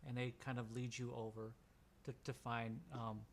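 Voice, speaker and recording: A man narrating a tabletop game as game master, stopping and restarting his sentences. His voice is mid-pitched and flat in contour. A faint hiss runs behind him. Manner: halting, restarts often.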